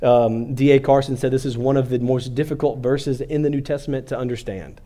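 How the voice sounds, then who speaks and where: A man delivering a sermon with a mellow, darker tone and a middle pitch. He talks to the congregation casually, pushing hard on key phrases and then easing down almost to a murmur. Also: steady tone, brisk. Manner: conversational preaching, rising to emphasis then dropping soft. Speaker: pastor.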